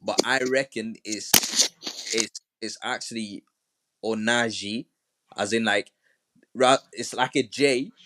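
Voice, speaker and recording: A man's voice: fairly low pitch, fairly even intonation, slow pace, pauses often, very noisy. A man hosting a casual live-stream discussion, chatty and moderating turns, often restarting his sentences. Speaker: host.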